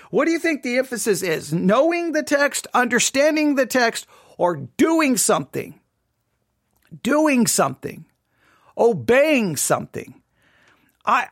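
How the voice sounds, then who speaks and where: A man hosting a solo Bible teaching show, talking deliberately, repeating key phrases, and restarting sentences often. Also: sits high, fairly bright tone, no echo, studio quality.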